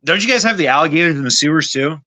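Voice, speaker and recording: A man co-hosting a casual podcast, with a bright, forceful tone and a lively, swooping delivery. He sits a little high in pitch, swears freely and talks over his co-hosts. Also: rapid-fire, no room sound. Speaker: podcast co-host. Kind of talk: casual movie-review chat.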